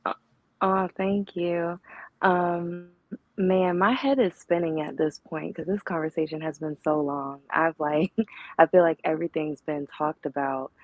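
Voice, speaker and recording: A woman calling in to a chat show, speaking in a soft, light voice and in a thoughtful way. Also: deep voice, steady tone, normal speed, no echo, narrow, tinny audio. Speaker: caller. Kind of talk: casual call-in chat.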